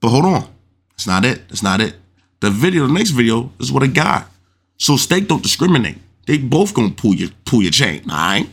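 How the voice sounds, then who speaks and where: A young man hosting a solo podcast, telling stories in casual slang with swearing and acting out other people's shouts. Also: fairly quick, husky. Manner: animated storytelling, acts out other people's shouts in a high voice; swears freely, uses slang fillers like "you know what I'm saying". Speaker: podcast host.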